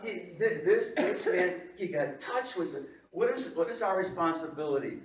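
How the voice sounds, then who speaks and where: A male pastor preaches with a fairly high voice, swinging from quiet asides to loud, excited bursts as he tells his stories. He stumbles over and repeats words while talking. The sound carries the echo of a church hall and comes from some distance away. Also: normal speed. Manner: animated, repeats words, laughs often. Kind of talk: sermon with storytelling.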